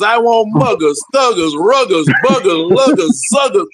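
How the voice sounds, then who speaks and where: High high voice guy ranting about his team, loud and preachy. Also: expressive, unhurried, few pauses. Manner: rowdy, preachy ranting with shouted lists. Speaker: co-host. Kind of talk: fired-up sports talk rant.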